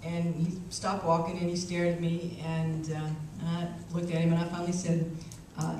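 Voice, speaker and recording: Woman keynote speaker spinning a funny story, heard from far back in a booming hall. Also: level tone, moderate pace, hardly any pauses, dark tone, a little hiss or hum. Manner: wry, anecdotal, self-mocking. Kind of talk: storytelling speech. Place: large hall, conference. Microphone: small camcorder far off. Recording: echoey hall, far from camcorder.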